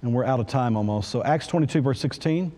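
A man's voice: mid-range voice, quick pace, mellow, long reverb tail. A middle-aged man preaching a sermon in church, reading scripture aloud and earnestly repeating key phrases.

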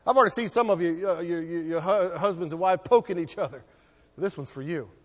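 High-voiced preacher in an echoing hall. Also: male voice, brisk. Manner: emphatic, swings between loud and hushed, repeats words. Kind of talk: sermon. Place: church.

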